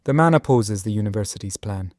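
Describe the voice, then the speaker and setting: A man reading sample spoken test answers aloud in a measured, deliberate way. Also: fairly low pitch, expressive, a little mellow.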